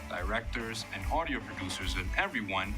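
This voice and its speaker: A man's voice: on the low side, animated, fairly quick, over music. A man giving an earnest, reflective scripted narration about a student newscast.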